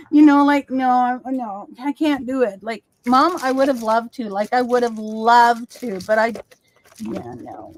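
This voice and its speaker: A chatty woman on a video-call livestream, talking in a casual and animated way. She acts out quoted conversations as she tells her stories. Her voice sits a bit high. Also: moderate pace. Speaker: co-host of a crafting livestream. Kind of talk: casual chat.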